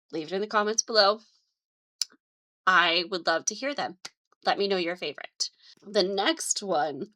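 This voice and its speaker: A woman's voice: mid-range voice, bright, forceful tone. A woman hosting her own video show, chatting casually and enthusiastically with frequent small laughs. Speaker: host. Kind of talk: casual vlog chat.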